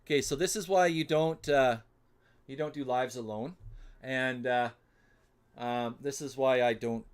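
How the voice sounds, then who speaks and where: A man hosting a solo livestream giveaway, flustered and muttering to himself as he fumbles with the software. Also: medium pitch, takes it slowly, pauses often, smooth. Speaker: livestream host running a giveaway. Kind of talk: casual solo livestream chat.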